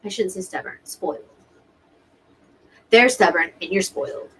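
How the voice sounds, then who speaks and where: A woman's voice: fairly low pitch, moderate pace, slightly rough, low-quality recording. A woman hosting a live stream watch party, chatting to her viewers in an emotional, talkative way. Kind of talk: casual live commentary to viewers.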